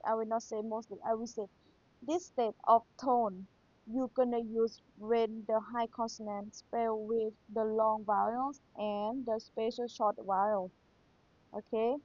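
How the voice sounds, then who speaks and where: A woman's voice: a little high, a little mellow, no echo. A woman teacher with a Thai accent, patiently reviewing material for an exam and repeating key points. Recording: dull lo-fi sound.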